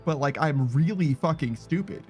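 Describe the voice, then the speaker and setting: A man streaming a game, chatting casually with a friend, self-deprecating and quick to laugh. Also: a little high, animated, soft background music. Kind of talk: casual gaming stream chat.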